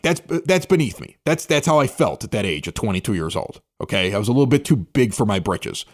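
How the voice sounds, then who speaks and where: A man in his forties from Chicago's South Side, a former radio DJ, telling a candid, self-critical story on a podcast. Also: on the high side. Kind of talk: casual storytelling commentary.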